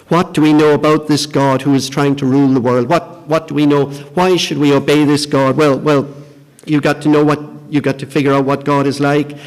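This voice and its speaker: A man's voice: fairly high pitch, fairly even intonation, normal speed. Man preaching a sermon in a reverberant hall. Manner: earnest, repeats words when starting phrases.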